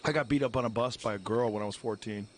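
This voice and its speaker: A man from Massachusetts who hosts a podcast. He tells candid personal stories with quick asides. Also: fairly low pitch, a little hiss or hum. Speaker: podcast host. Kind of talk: casual chat, telling anecdotes.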